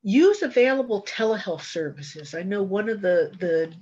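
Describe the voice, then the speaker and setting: A woman's voice: medium pitch, animated, normal speed, a little mellow, husky. An older woman, a retired social worker, giving an earnest, encouraging webinar talk with frequent restarts, heard over a video call. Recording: slightly dull video call audio.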